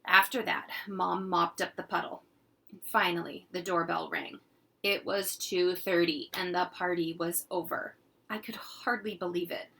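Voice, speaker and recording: Teacher lady reading a kids book aloud, slow, husky, bit gravelly. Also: fairly low pitch, fairly even intonation. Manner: gentle, unhurried storytelling. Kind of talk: children's read-aloud.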